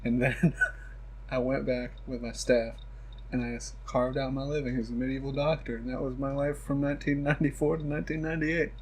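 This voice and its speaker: A man's voice: medium pitch, level tone, fairly quick, darkish tone, slight background noise, rough recording. A man co-hosting a casual comedy chat, rambling through absurd stories and laughing often. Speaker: podcast co-host.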